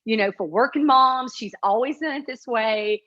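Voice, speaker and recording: A woman with a flat, nasal upstate South Carolina Appalachian accent, chatting in an interview with lots of fillers and restarts. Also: a little high, normal speed, lo-fi sound. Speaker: author and comedy creator. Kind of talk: interview answers.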